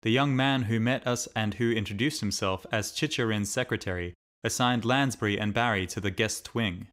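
A man narrating a diary as an audiobook in a steady, measured reading. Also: lowish voice.

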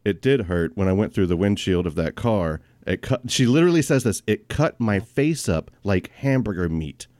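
A man with a lowish voice hosts a casual comedy podcast, spinning anecdotes and chuckling as he goes. The sound is close and dry, with no room around it. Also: animated, darkish tone, no room sound. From raised in a preacher's family. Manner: laughs through his stories, quick asides. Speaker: podcast host. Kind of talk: casual comedic chat and storytelling.

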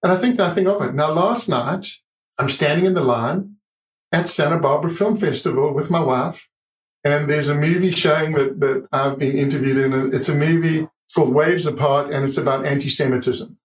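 Middle-aged guy telling a story on a podcast, kinda high voice, acts out the dialogue, echoey room. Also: normal speed. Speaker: guest author and surfer.

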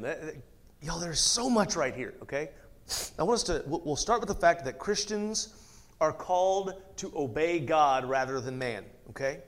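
A man teaches through a Bible passage in a relaxed, conversational way. His voice sits high for a man. He reads the verses aloud and keeps stopping for friendly asides and questions to his listeners. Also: normal speed. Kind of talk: casual Bible study teaching.

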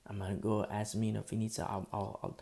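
A man's voice: lowish voice, fast talker, creaky. Man preaching with a sore throat. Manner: earnest, animated preaching with emphatic repetitions. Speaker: pastor. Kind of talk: sermon.

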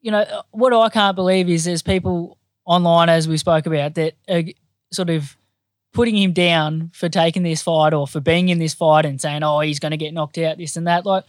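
A man's voice: fairly high pitch, steady tone, dry recording. Earnest Australian man, dry close sound. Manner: earnest, modest, halting restarts. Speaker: professional boxer. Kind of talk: casual interview chat.

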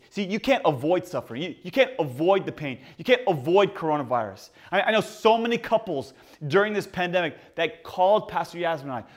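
A man in his forties, a pastor preaching a sermon in a church, telling stories with lively swings in pitch and loudness and calling out to the congregation. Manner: prays and calls to the congregation.

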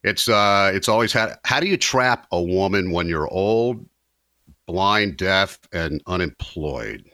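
A man with a deep voice co-hosting a podcast, joking and teasing in casual chat. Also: expressive, takes it slowly, sharp tone, no room sound, studio quality. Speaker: podcast co-host.

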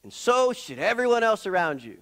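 Over-the-top emotional young guy, high and loud, a preacher mocking him. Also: sing-song, fairly quick, exaggerated voice. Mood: theatrical. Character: overwrought young man who vents every feeling.

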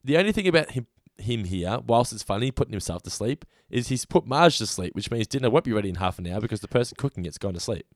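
A man's voice: on the low side, very animated, fast, no echo, studio quality. A man co-hosting a podcast, casually recapping a cartoon episode in a rambling, amused way. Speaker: podcast co-host.

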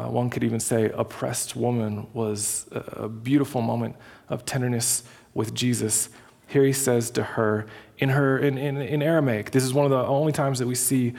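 A male pastor preaching in a casual, animated storytelling way, with frequent restarts and filler words. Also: mid-range voice, creaky. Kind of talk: sermon.

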